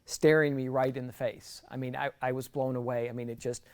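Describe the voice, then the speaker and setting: A middle-aged man with a gravelly, crackly edge to his voice tells a personal testimony to a gathering. His delivery is earnest and conversational, with frequent restarts, at a middle pitch. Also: flat delivery, brisk. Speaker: guest speaker.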